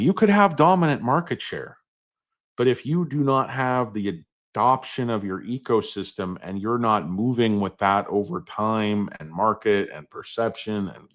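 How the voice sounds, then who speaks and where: Middle-aged guy, lowish voice that swings all over, rambling market talk with jokes. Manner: meandering, jokey asides, many fillers. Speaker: market commentary host.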